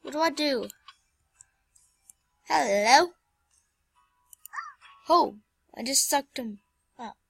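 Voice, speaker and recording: A woman's voice: high voice, animated, very slow, gravelly, pauses often, dry recording, faint music behind. A young woman hosting a casual let's-play, flustered and exclaiming as she plays. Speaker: gameplay channel host.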